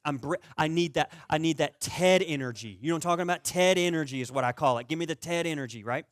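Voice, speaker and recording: A man preaching a conversational sermon as pastor, telling stories with animated, comic energy. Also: fast talker, dry recording, studio quality. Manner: animated storyteller who gets loud and high-pitched in comic stories.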